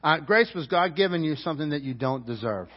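A man preaching a sermon as pastor, emphatic, swinging from loud climbs to low quiet drops. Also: animated, fairly quick, breathy edge. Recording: roomy church hall, dull lo-fi sound.

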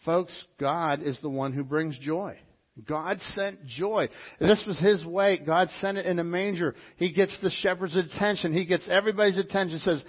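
A man's voice: high voice, normal speed, breathy edge, lo-fi sound. A man, a pastor, preaching a sermon in a conversational, emphatic way, often restarting his sentences.

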